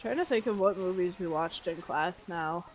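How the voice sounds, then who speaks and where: A young woman chatting casually on a stream, telling animated school stories and slipping into playful voices. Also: lowish voice, moderate pace, faint music behind, poor audio. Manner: animated storyteller who jumps into playful voices.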